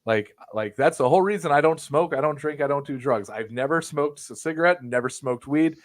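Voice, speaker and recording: A man's voice: fairly high pitch, fairly quick. A young man telling a long, profane, rambling wrestling story as a podcast guest. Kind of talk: casual chat.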